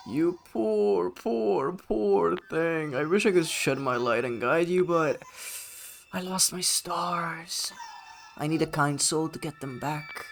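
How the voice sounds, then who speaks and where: A man's voice: on the high side, slow, creaky, faint music behind, pitched above the performer's own voice. A man voicing a fussy cooing spirit who lost her stars, reading game dialogue aloud in a pitying, sing-song way. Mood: pitying, sweet.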